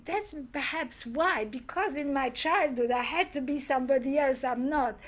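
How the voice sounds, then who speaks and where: A woman's voice: high-pitched, normal speed, low-quality recording. An older woman, a survivor, telling her life story. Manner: lively, laughs while telling stories. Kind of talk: personal storytelling.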